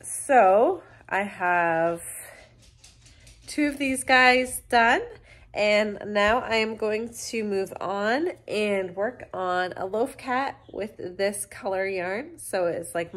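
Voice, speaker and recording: Slow-talking stuffy woman vlogger. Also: mid-range voice. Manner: chatty, with many ums and uhs. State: stuffy, coming down with a cold. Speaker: crochet vlogger. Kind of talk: casual vlog chat.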